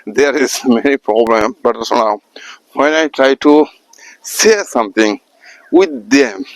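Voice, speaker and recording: Man, halting broken English, many pauses, art teacher, dry close sound. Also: mid-range voice, no echo, rough recording. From Assam, India. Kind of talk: casual spoken talk to camera.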